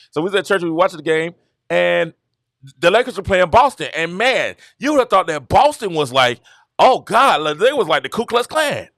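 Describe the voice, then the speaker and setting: Animated man hosting a sports talk show. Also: on the high side, no room sound, clean studio sound. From Georgia, USA. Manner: animated, repetitive storytelling with laughs. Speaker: show host. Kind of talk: casual commentary livestream.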